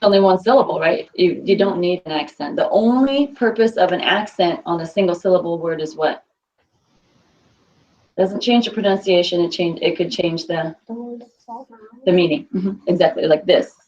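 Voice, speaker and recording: Woman teacher, lowish voice, patient questioning, dull lo-fi classroom recording. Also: moderate pace, a little mellow. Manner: patient, asks the class questions and repeats answers. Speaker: Spanish teacher.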